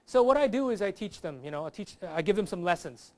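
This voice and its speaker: A man's voice: sits high, fast talker. Man doing a comedy bit. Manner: lively, does accent impressions. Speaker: comedian guest. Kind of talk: stand-up comedy bit on a talk show.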